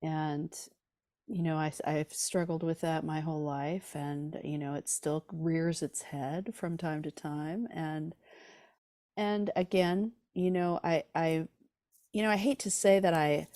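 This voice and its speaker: Woman, podcast guest, deep voice, dry sound, earnest, reflective. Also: fairly even intonation, slow pace, dark tone, no echo. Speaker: author and musician guest. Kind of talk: reflective interview talk.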